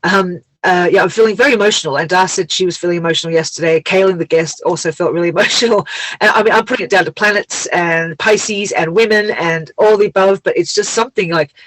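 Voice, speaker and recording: A woman's voice: lowish voice, fast, fairly bright tone, no echo, poor audio. Woman, podcast host, teary, rambling casual chat, dry close recording. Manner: chatty, rambling, open about feelings.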